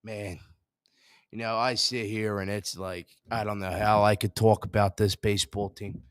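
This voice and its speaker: A young man hosting a sports show, ranting in frustration, jumping between loud outbursts and low mutters. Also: level tone, moderate pace, clear, resonant tone, no room sound.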